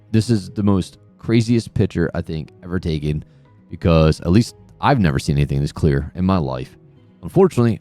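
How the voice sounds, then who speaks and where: A man's voice: low voice, mellow, dry recording. A man hosting a horror gaming channel, telling a personal story in a casual vlog with earnest, emphatic insistence that it is true.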